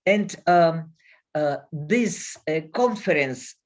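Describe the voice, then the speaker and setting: A woman with a Russian accent speaking careful non-native English at a conference, pausing to search for words. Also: deep voice, animated. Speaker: researcher guest. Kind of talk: conference talk.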